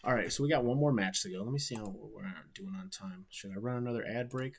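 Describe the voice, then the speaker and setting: A man from Ohio, in his thirties. He talks to his stream in a loose, rambling way, cursing casually. His voice sits on the low side. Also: fast, creaky. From Ohio, USA. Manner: laid-back, rambling, swears freely. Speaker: wrestler streaming and watching his matches. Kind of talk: casual livestream chat.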